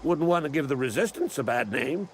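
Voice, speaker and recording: An old resistance leader. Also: male voice, a little high, expressive, a little fast, slight background noise. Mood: gruff. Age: older. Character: old male resistance leader, paranoid about robots. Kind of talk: video game character dialogue.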